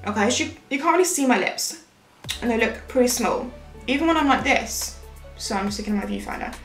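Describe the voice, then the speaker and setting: A young woman chatting through a makeup tutorial, rambling and losing her train of thought. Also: fairly high pitch. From Britain. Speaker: beauty vlogger. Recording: echoey room with faint music.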